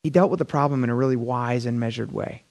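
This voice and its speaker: A middle-aged man preaching a conversational, animated sermon, often calling the audience "you guys". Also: mid-range voice, fast. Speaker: pastor.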